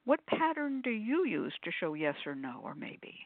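A woman's voice: medium pitch, normal speed, no room sound. A woman who runs a shop, chatting animatedly and acting out what people say as she demonstrates. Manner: chatty, animated storyteller, acts out quotes. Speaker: shop owner and pendulum teacher. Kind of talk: casual conversation, demonstrating. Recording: phone-like dry audio.

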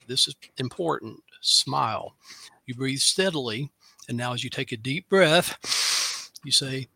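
A man from Tennessee calmly guiding a breathing practice, sighing audibly as he exhales. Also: medium pitch, unhurried, gravelly, slightly rough, dry recording. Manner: calm, instructive, with audible sighs. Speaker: free spell segment guest. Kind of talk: guided breathing instruction.

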